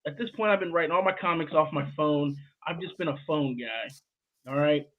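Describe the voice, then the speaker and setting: A man's voice: a little high, fairly quick, narrow, tinny audio. A man hosting a livestream show, hyping up guests and telling stories in playful slangy casual chat.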